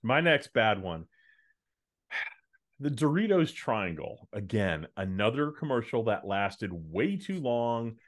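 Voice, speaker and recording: A man's voice: medium pitch, sing-song, slow. A man co-hosting a podcast, chatting casually and giving jokey, opinionated takes. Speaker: podcast co-host.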